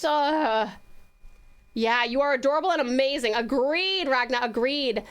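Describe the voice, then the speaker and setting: Bubbly high-voiced Australian woman streamer. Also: unhurried, clear, resonant tone. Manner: bubbly, gushing, chatty with fillers. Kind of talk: casual live-stream chat.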